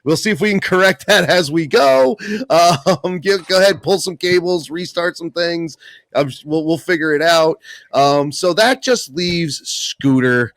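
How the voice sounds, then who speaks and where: A man's voice: fairly high pitch, measured pace, no echo. A man hosting a casual podcast chat from New England, upbeat and chatty, calling people dude. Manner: energetic, says dude a lot. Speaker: podcast host.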